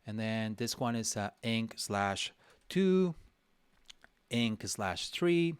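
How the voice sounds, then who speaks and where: A man with a fairly low voice talks through a drawing lesson on a livestream, thinking out loud, restarting his sentences and teasing himself as he goes. The sound is dry, close and free of room echo. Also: expressive, slow pace, long pauses, clear, resonant tone. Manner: thinks aloud while working, talks to himself; chatty with frequent restarts and fillers. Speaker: illustrator teaching a live drawing session. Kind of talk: casual livestream tutorial.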